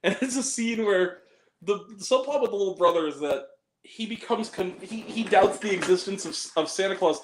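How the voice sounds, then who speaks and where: A man's voice: high-pitched, moderate pace, noisy background. A man reviewing a film on a podcast in casual chat, swearing freely and often breaking into laughter. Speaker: podcast guest. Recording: roomy echo.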